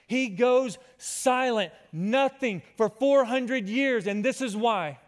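A man preaching a sermon as pastor, swinging from loud calls to hushed, intimate lines. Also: extremely high pitch, slow pace, hardly any pauses. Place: church hall with long reverb. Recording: reverberant church hall.

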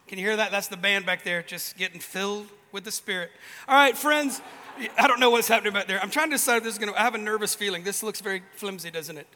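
A man's voice: high voice, quick pace, pushed and bright, big-room sound, a little hiss or hum. A man preaching a casual, joking sermon, telling stories with many restarts, in a large event venue.

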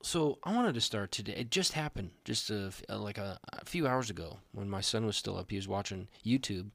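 A young adult man co-hosting a podcast, telling animated, rambling stories in casual chat. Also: on the low side, brisk, gravelly, no echo. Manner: rambling, animated storytelling with restarts. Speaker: podcast co-host.

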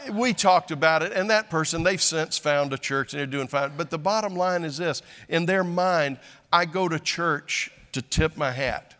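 Older pastor guy preaching, kinda high voice, chatty and joking at himself, lots of echo. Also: pushed and bright. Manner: conversational, self-deprecating humor with frequent restarts. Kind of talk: sermon.

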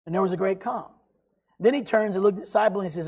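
A preacher with a husky, breathy tone delivers a sermon. The delivery is emphatic, rising to loud exhortation and dropping to hushed passages. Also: mid-range voice, quick pace.

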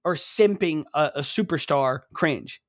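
A man's voice: on the high side, no room sound, studio quality. A young man co-hosting a podcast, chatting casually and rambling, often acting out quotes. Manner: rambling, animated, quick to act out quotes. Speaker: podcast co-host. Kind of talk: casual chat. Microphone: studio mic, dry booth.

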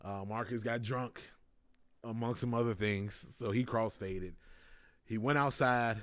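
A man's voice: mid-range voice, unhurried, no room sound. A young man telling a story in casual chat, laughing often and acting out the voices of people in it. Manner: animated, laughing often, acts out voices in quotes. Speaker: comedian guest.

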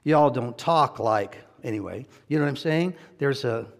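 A man's voice: medium pitch, animated, normal speed, gravelly. A male pastor giving a sermon in a conversational, joking way, often laughing.

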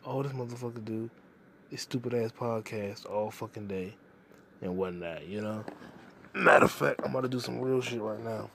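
A man's voice: lowish voice, moderate pace, vocal fry, a bit bright, a little hiss or hum. Young man rambling crudely on a podcast. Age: young adult. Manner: crude, profane, jokey stream of consciousness. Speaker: podcast host. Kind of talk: casual solo rambling.

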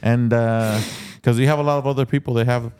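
A man co-hosting a podcast, telling an amused story in lively casual chat. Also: mid-range voice, a little fast, clean tone. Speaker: podcast co-host.

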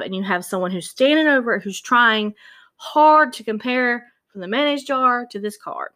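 A woman casually retelling a true-crime case, animated and acting out the quoted voices. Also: medium pitch.

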